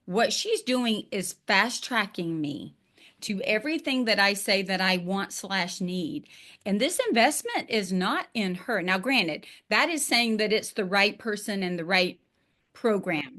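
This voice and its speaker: A woman's voice: medium pitch, pushed and bright. Woman podcast host and business coach, emphatic and encouraging, casual interview chat.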